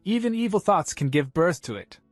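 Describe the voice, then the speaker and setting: A man's voice: high voice, very animated, fairly quick, no echo, faint music behind, pitched above the performer's own voice. A man voicing a grave young woman who explains a danger.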